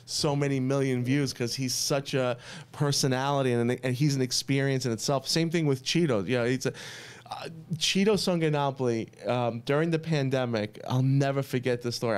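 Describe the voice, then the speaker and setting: A man's voice: medium pitch, clear, resonant tone. A man, a pizza chef, telling funny stories in a casual podcast chat, often laughing as he talks. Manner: animated, laughs through stories.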